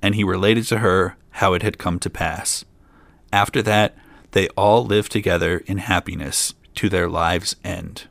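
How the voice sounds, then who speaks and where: Man, fairy tale reading, lowish voice, dry close sound, wry asides. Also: steady tone, a little slow, gravelly, a bit bright, no room sound. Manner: reads plainly, drops in dry asides. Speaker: storyteller. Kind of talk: fairy tale read aloud.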